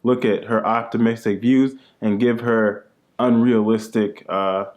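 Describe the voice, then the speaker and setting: A young man with a fairly low voice talks in an easygoing, joking way. He co-hosts a casual chat with his wife and often ends his sentences with "man.". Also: steady tone, a little slow, a little mellow. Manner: laid-back, joking, says "man" often. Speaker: co-host, husband.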